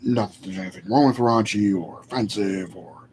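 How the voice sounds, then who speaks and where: Rambling man with a lowish voice. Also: moderate pace, a little mellow, a little hiss or hum, poor audio. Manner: rambling, thinks aloud with fillers and self-corrections. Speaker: YouTuber. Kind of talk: casual commentary vlog.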